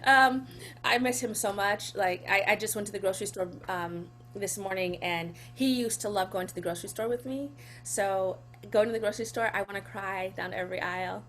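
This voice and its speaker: A woman's voice: mid-range voice, fairly quick, slight background noise. A woman in her forties, an actress and poet, talking casually in an interview, laughing often and getting emotional about her children. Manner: warm, laughs often, emotional when speaking of her son. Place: home.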